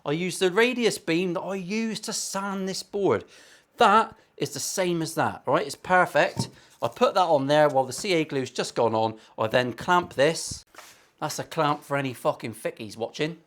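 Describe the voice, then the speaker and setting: A man's voice: a little high, normal speed, fairly bright tone. A man in his forties with an English West Country accent, a guitar maker chatting through a workshop build with cheeky, sweary, self-mocking banter. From England. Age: 40s. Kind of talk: casual workshop vlog.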